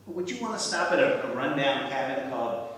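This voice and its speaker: A man plays a self-doubting writer who sighs and mocks himself in a dry, wry tone. His voice sits at a middle pitch and comes from far across a stage, with a long echo from the hall. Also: animated, fairly quick, a bit bright, lightly acted. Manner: wry, sighing, self-deprecating. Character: self-doubting male writer, husband, ex-Army. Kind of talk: amateur stage comedy acting. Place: theatre stage.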